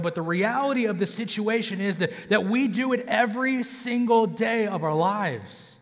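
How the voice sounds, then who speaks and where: A man preaching a sermon with a loose, joking delivery, often tossing in "okay?" and "right?" to keep his listeners with him. His voice sits a bit high for a man, and the sound carries the long reverb of a church hall. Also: animated, moderate pace. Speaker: pastor.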